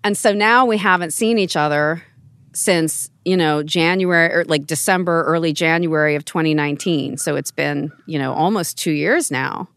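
Speaking as a podcast guest, a middle-aged woman shares family stories casually and emotionally, frequently starting over as she goes. Her voice is low-pitched and a bit bright at a moderate pace, in a dry, rough recording.

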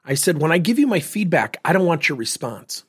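A man's voice: fairly high pitch, big pitch swings, a little fast, slightly rough. A man giving a talk, telling a story and acting out both sides of a conversation. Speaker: speaker on leadership and feedback.

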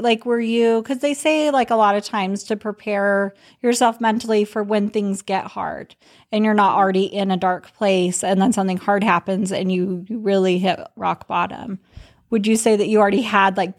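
A woman of middle pitch hosting an interview. She asks her questions in a supportive, searching way, pausing on fillers as she finds the words. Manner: warm, hesitant questioning with fillers. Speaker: host.

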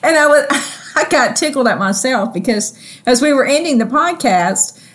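A Southern-accented woman co-hosts a faith podcast in a relaxed, chatty way. She laughs easily and talks in a fairly high voice. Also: moderate pace. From Southern United States. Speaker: podcast co-host. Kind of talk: casual ministry podcast chat.

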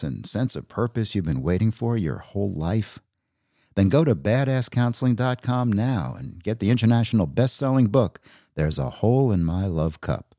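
A man's voice: lowish voice, dark tone, no room sound, studio quality. A man reading a scripted ad in a polished, persuasive way. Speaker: ad announcer. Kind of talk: scripted ad read.

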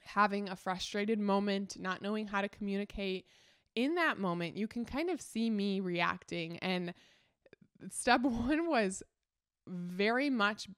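A young adult woman hosting a podcast, a mother chatting casually about parenting with many fillers and quick laughs. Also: medium pitch, fairly bright tone, smooth, no room sound, clean studio sound. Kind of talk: casual solo podcast chat.

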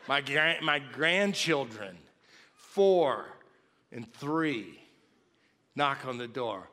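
A man in his fifties preaching in a lively, joking storytelling way, acting out loud shouts as he tells it. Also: medium pitch, extremely slow, long pauses. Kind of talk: storytelling sermon. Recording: long reverb of a large hall.

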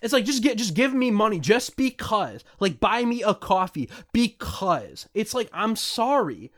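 Man, slightly high voice, sarcastic and swearing a lot, casual podcast rant. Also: very animated, unhurried, a bit bright. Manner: profane, ranting, sarcastic.

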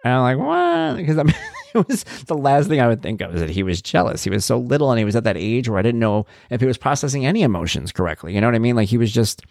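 A man's voice: on the low side, expressive, very fast, vocal fry, few pauses, darkish tone, no echo, clean studio sound. A man, a parent blogger, talking in a rambling, conversational way with wry, blunt humor. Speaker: parent blogger talking about his son. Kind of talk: casual spoken monologue.

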